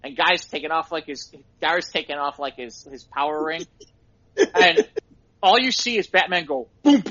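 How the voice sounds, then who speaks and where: A middle-aged man, a podcast co-host, telling excited stories in casual chat and laughing at them himself. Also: fairly high pitch, moderate pace, highs cut off. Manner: excitable storyteller, laughs at his own stories.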